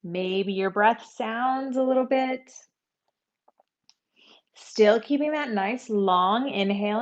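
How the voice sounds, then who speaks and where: A woman teaching a yoga class, giving calm, conversational instructions and breathing cues. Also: on the high side, lo-fi sound.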